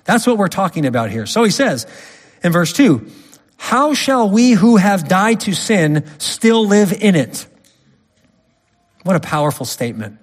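A man's voice: high voice, very animated, unhurried. Emphatic preacher man in a reverberant hall. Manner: emphatic, swings between loud stresses and quiet drops. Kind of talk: sermon.

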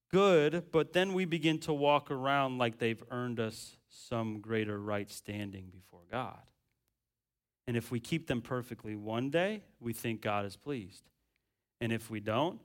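A man's voice: medium pitch, fairly bright tone. A man preaching a sermon as pastor, emphatic and repetitive, often calling on his congregation to listen. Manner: emphatic, repeats points, addresses congregation with "listen".

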